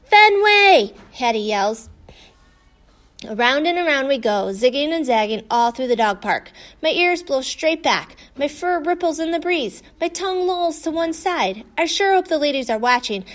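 A woman narrating a children's story in a lively way. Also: high-pitched, normal speed, few pauses. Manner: lively, voices the dogs' dialogue. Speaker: audiobook narrator.

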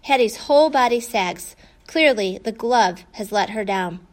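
A woman narrating a children's story in a lively way. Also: a little high, measured pace. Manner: lively, voices the dogs' dialogue. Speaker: audiobook narrator.

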